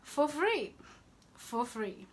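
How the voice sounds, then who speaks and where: A woman's voice: high-pitched, sing-song, drawn-out words. A young woman, giving sassy, scolding dating advice in a casual vlog. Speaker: vlogger.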